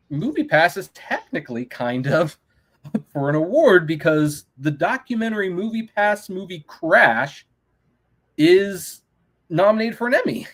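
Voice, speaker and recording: A man hosting an interview show, chatting casually and speaking directly to the audience. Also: fairly high pitch.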